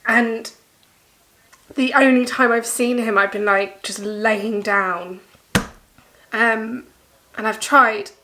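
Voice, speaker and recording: A young woman talking through her day in a casual personal vlog, emotional and tearful, speaking softly with frequent pauses. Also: fairly high pitch, fairly even intonation, noisy background. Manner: emotional, teary, soft-spoken. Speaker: vlogger.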